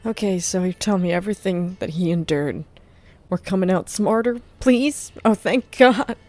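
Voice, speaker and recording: A woman's voice: fairly low pitch, moderate pace, mellow. A woman hosting a reaction video, exclaiming and talking back at the screen in casual commentary.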